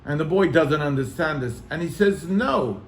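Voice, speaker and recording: A man's voice: on the high side, normal speed, reverberant. A man, a rabbi, telling a story to his congregation, acting out the people in it. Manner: animated, acts out quoted voices.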